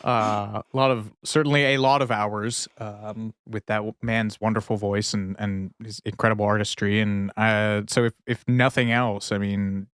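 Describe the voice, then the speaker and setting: A man co-hosting a podcast in casual chat, jokey and quick to laugh, fond of silly voices. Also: lowish voice, steady tone, a bit bright, clear, resonant tone, dry recording. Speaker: podcast co-host.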